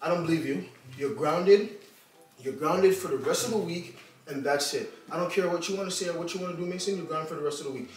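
A woman's voice: low voice, fast talker, recorded from a distance, faint music behind. Stern scolding woman in an echoey room. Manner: stern scolding that turns to loud laughter. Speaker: parent pranking her child. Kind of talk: casual family vlog.

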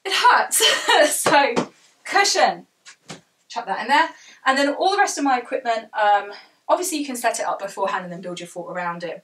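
A young woman with a southern English accent talks fast and cheerfully, laughing at herself as she explains things in a casual home tutorial. Her voice is bright and forward. She sits a bit back from the mic, so the sound is slightly distant. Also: medium pitch. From south of England. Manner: fast, chatty, self-deprecating, laughs often. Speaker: audiobook author giving tutorial. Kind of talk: casual how-to vlog. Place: home room with fabric fort.

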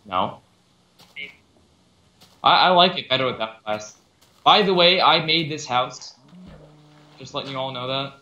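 A man's voice: medium pitch, a little slow, long pauses, pushed and bright, dull audio. A man in casual multiplayer gaming chat, talking in a plain, insistent way. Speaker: game player. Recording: roomy echo.

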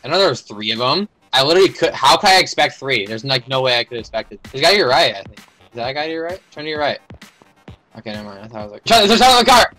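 A young man commenting on his own game, excitable and profane, yelling in panic and trash-talking other players. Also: medium pitch, rapid-fire. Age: young adult. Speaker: gamer streaming a battle royale match. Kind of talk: casual gameplay commentary. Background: background music.

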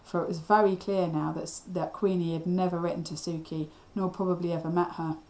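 A woman teacher reading a children's novel aloud in a steady, expressive storytelling voice. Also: lowish voice, fairly quick, rough recording.

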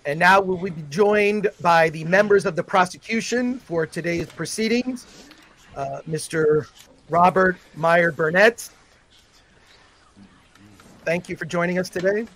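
High-voiced man as a mock judge. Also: unhurried, pauses often, a bit bright. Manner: formal, judge-like with frequent fillers. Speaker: host presiding as mock judge. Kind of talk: mock-formal courtroom role-play on a livestream.

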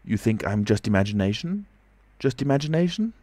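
A man's voice: lowish voice, big pitch swings, brisk, a little mellow, no echo, pitched above the performer's own voice. A man voicing an impatient, commanding unseen stranger who speaks tersely and insistently, in a storybook reading. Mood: firm, insistent.

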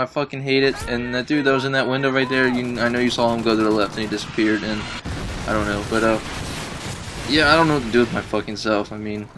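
A man's voice: mid-range voice, noisy background. A man giving casual gameplay commentary, venting his frustration in rambling, profane talk full of fillers. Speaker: gaming video uploader.

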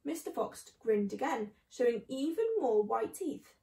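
A woman reading a children's book aloud in a clear, steady storytelling manner. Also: on the high side, a little slow, distant mic. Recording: echoey room.

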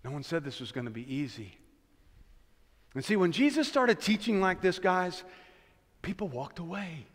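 A man preaching a sermon as pastor, dropping to a hush and then building to shouts, repeating his key phrases. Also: high voice, sing-song, normal speed, long pauses. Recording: long church reverb.

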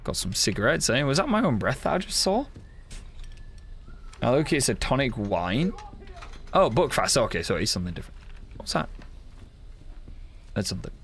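Bright, animated young male streamer. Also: medium pitch, normal speed, pauses often, slight background noise. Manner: casual, sweary, laughing reactions. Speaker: gaming streamer. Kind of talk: let's play commentary.

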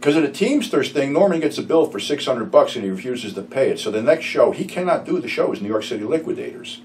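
Middle-aged man, crude rambling anecdotes, lively up-and-down delivery, a bit off-mic, faint hiss. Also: medium pitch, quick pace. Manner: profane, rambling storytelling. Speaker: YouTube storyteller. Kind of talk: casual anecdote telling. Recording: slightly distant mic, faint room noise.

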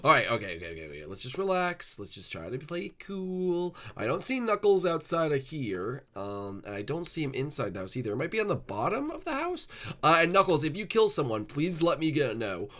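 Excitable, bright-voiced man. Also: on the high side, brisk. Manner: excitable, rambling and animated. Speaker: gaming video creator. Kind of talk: game roleplay, playing Sonic.

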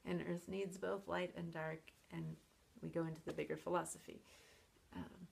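A woman professor talks through a poem for her viewers with a deep gravelly fry running through her lower-pitched voice. She sounds thoughtful, pausing with fillers and restarting her sentences as she works out her points. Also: little pitch movement, a little mellow. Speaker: college professor.

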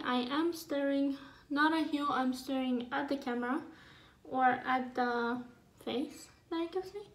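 A teenage girl with a high, bright-pitched voice chats through a casual makeup vlog. She rambles and keeps saying sorry. The sound from her phone has a roomy echo. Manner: chatty, rambling, apologetic. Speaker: beauty vlogger. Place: home, at a homework table. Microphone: phone camera.

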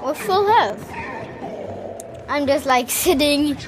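A woman hosting a gaming video, giving excitable live commentary with lots of exclamations and fillers. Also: high-pitched, takes it slowly, a crowd in the background, noisy background. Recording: game music clearly behind. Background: video game music and sounds.

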